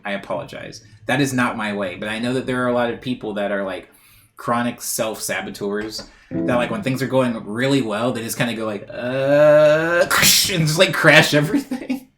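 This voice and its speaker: A man's voice: on the low side, brisk, pushed and bright. A man chatting casually on a live music stream, rambling and self-deprecating as he reads out chat messages.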